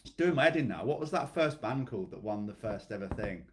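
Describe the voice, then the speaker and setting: A man's voice: fairly low pitch, animated, fast, noisy background. A man coaching his fitness clients in a blunt, motivational talk, calling on them by name and checking in with "okay?". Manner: blunt, repeats "okay?", swears freely.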